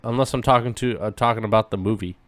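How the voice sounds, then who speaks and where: A man on a casual podcast who speaks in a fairly low voice. He mostly drops in short, wry remarks between the other hosts. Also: quick pace, fairly bright tone, no room sound. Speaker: podcast co-host. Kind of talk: casual chat.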